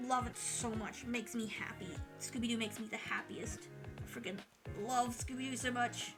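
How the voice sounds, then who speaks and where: A young woman streamer chatting casually with her viewers while drawing, excitable and chatty, swearing freely. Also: a little high, normal speed, over music.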